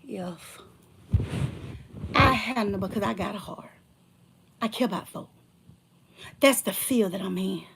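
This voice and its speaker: A woman speaking as a motivational speaker, confronting someone in a heated live-stream address to her viewers. She talks colloquially and repeats herself, swinging between loud outbursts and hushed whispers. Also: medium pitch, a little slow, vocal fry, long pauses, slight background noise.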